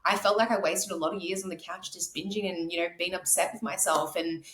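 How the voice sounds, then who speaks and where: A woman's voice: fairly low pitch, steady tone, a little fast, fairly bright tone, roomy sound, poor audio. A woman, a podcast guest telling her story in a gushing, emotional way. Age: 30s. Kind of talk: casual interview chat.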